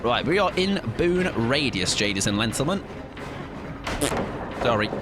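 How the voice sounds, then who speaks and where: A man's voice: mid-range voice, very animated, unhurried, background noise. A young man streaming a game live, chatting in a joking, self-mocking, rambling way.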